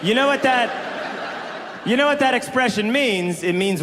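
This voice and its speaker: A male stand-up comedian takes apart an idea in an incredulous, questioning way. His voice sits high and moves around a lot. The venue rings with a long reverb, with noise underneath. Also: animated, moderate pace, pauses often, a bit bright. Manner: incredulous, questioning observational delivery. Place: comedy club stage.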